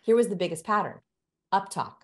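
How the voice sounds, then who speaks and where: A woman's voice: medium pitch, expressive, brisk. A woman who researches communication, guesting on an interview show and explaining with energy, like a teacher giving demonstrations.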